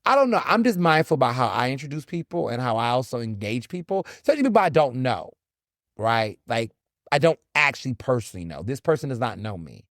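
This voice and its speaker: Brisk, sing-song and a bit bright, the mid-range voice of a Southern American podcast host delivers blunt, animated solo commentary full of swearing and acted-out encounters. It's a clean studio recording without room sound.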